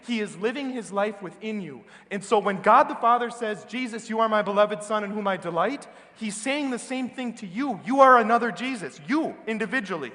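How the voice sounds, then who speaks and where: A man with an American accent preaching a sermon as a priest, earnest and emphatic, slowing down on key words. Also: high-pitched, pushed and bright. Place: large church. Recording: reverberant church hall.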